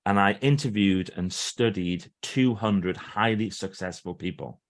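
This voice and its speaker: A man's voice: lowish voice, unhurried. A middle-aged man, a guest author and trainer, telling stories in a podcast interview and acting out what others said. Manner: animated storyteller who acts out quoted speech.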